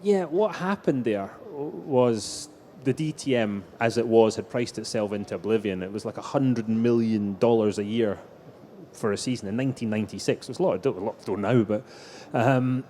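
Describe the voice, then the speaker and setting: A man's voice: on the low side, moderate pace, dark tone, slight background noise. Man telling racing stories on stage. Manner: anecdotal storytelling, frequent restarts. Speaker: racing driver guest. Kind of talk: live stage interview. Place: live exhibition stage.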